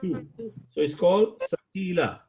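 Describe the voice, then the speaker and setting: A man teaching an online Arabic grammar class over a video call, slow and patient, repeating key terms and quizzing his students. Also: high-pitched, lively intonation, dark tone, faint music behind, rough recording. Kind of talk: live online class lecture.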